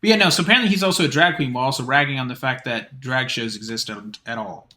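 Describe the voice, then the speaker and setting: Bright-voiced male streamer reading news. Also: medium pitch, a little hiss or hum. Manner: quick chatty reading with many fillers and restarts. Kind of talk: reading an article aloud with casual asides.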